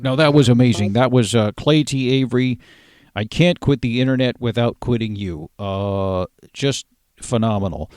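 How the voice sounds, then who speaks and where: A man's voice: mid-range voice, normal speed, a little mellow. A man hosting a comedy interview, questioning and hyping up his guest in an enthusiastic, teasing way. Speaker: host.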